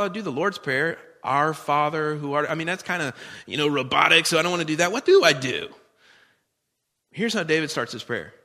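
A man's voice: on the high side, bright, forceful tone, long reverb tail. A man preaching a sermon, talking conversationally and putting questions to the congregation. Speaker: pastor.

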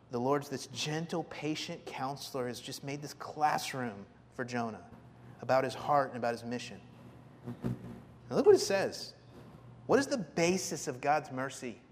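A man preaching a sermon, animated, acting out the people in the story with big jumps in his voice. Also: long reverb tail, a little hiss or hum. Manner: animated, acts out voices of biblical figures with big pitch jumps.

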